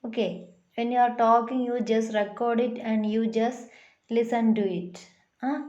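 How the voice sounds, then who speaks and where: A woman's voice: fairly high pitch, steady tone, dark tone, dull audio. A woman teacher giving a classroom lesson, explaining patiently and checking in with her pupils. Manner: slow, patient, checks in with "huh?".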